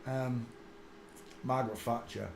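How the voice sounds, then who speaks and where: A man's voice: medium pitch, steady tone, takes it slowly, creaky, a little hiss or hum. A man, rambling crudely through a casual live stream and mocking himself. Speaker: host. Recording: echoey room.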